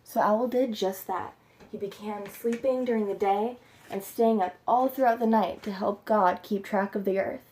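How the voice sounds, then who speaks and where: A woman's voice: mid-range voice, normal speed, a little mellow. A woman telling a folktale in a plain, homespun way for a storytelling class. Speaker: student storyteller.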